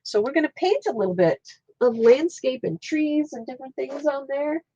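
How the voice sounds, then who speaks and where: A woman hosts a casual watercolour livestream, chatting with viewers while she paints. Her stuffy-nosed voice sits high and sounds expressive with a dark tone, at normal speed. The sound is lo-fi.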